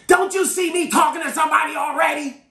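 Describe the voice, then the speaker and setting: A man mimicking a snapping, shrill drive-thru teller. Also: steady tone, fast, roomy sound, heavily acted. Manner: shouting, snappish. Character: rude impatient female drive-thru teller.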